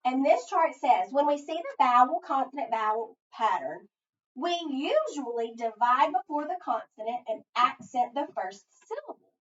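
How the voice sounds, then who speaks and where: Leading a phonics lesson, a woman speaks slowly and patiently, answering the questions she puts to herself. Her high voice is very animated and a bit bright, picked up from a distance in a dull, echoey room.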